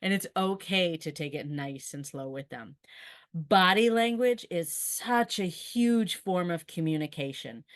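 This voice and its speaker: Woman, special ed teacher, very low voice, earnest and practical, webinar call. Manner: earnest and explanatory, practical advice. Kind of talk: webinar presentation.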